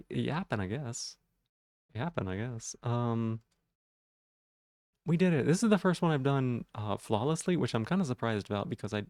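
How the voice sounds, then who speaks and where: A man's voice: mid-range voice, a little mellow, no room sound, studio quality. A man livestreaming, casually reading out viewers' messages and answering them in a rambling way.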